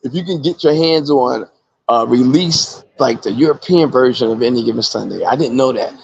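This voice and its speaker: Gravelly man telling wild anecdotes. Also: mid-range voice, normal speed, dry recording, highs cut off. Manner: animated anecdotes, acting out quoted voices. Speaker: actor guest. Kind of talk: casual interview storytelling.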